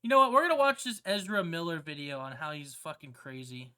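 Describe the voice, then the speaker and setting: A streamer chatting casually with viewers on a live stream, slangy and excitable, swearing often and laughing a lot. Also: medium pitch, fairly quick, clear, resonant tone. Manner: slangy, swears a lot, keeps saying "bro". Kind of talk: casual livestream chat with viewers.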